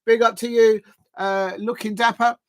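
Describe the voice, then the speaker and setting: A man's voice: very high voice, normal speed. Chatty man calling football live. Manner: chatty and excitable, chats to viewers between bursts of play-by-play. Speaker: watch-along streamer. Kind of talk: live football watch-along commentary.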